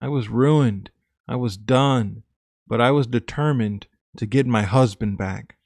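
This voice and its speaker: A man's voice: mid-range voice, a little slow, a little mellow, no room sound, clean studio sound. Man reading a confessional true story. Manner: reads a woman's confession in first person, earnest and plain. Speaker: story narrator. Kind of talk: scripted first-person story narration.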